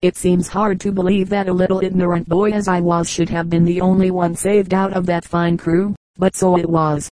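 A woman reading the part of a quiet, terse old boatman in a storybook, telling his tale slowly. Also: fairly low pitch, flat delivery, dry recording, close to an everyday voice, rough recording. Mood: solemn.

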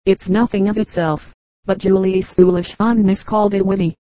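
A woman's voice: mid-range voice, fairly even intonation, normal speed, warm tone, dry recording, close to an everyday voice. Woman reading a stiff, polite young husband. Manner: formal, polite.

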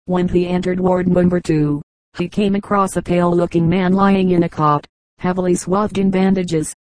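Woman reading old jokes, mellow voice. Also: lowish voice, fairly even intonation, normal speed, dry recording, low-quality recording. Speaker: audiobook reader. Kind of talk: reading aloud a joke book.

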